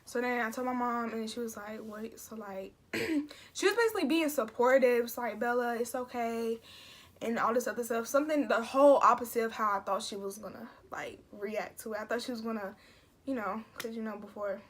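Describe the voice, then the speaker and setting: A woman's voice: fairly high pitch, a little fast. A young woman vlogging casually, retelling an emotional story with lots of fillers and restarts. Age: young adult.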